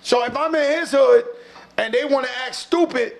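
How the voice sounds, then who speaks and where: Gravelly high-voiced New York man telling stories. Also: moderate pace. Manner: animated, slangy, profane, acts out other people's voices. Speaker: guest. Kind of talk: casual storytelling.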